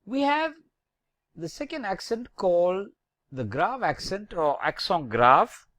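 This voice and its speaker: This French teacher talks very slowly and carefully, drawing out each letter as they spell it. The voice rises and falls in a lively way, and the recording sounds dry and close. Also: mid-range voice, no echo. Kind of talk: slow, deliberate language lesson.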